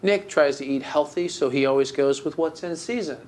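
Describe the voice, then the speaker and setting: A man's voice: a little high, a little fast, darkish tone. A man co-hosting a podcast, chatting casually and telling a story with mock melancholy, full of fillers and restarts. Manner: rambling, with many fillers and restarts. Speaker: podcast co-host. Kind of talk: casual chat.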